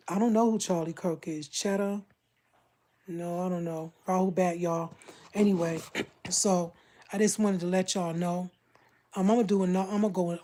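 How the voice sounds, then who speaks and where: A woman's voice: lowish voice, warm tone. A woman from Brooklyn with a Brooklyn accent, talking bluntly and confrontationally on a casual livestream. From Brooklyn, New York.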